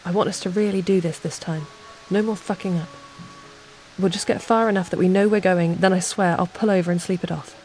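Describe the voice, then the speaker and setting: A woman voicing a frantic, guilt-ridden young mother who rushes to reassure her son. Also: on the low side, steady tone, darkish tone, faint music behind, close to an everyday voice. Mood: coaxing.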